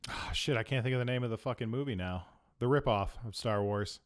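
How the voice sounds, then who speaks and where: A man's voice: medium pitch, brisk, clean tone. Man swearing through podcast banter. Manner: profane, laughing, bantering. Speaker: comedy podcast host. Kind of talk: casual banter.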